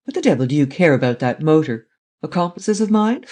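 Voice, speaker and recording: A man voicing Lupin, a witty, mocking gentleman thief, in a read-aloud adventure story. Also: on the high side, sing-song, brisk. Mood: jaunty. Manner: mocking, jaunty.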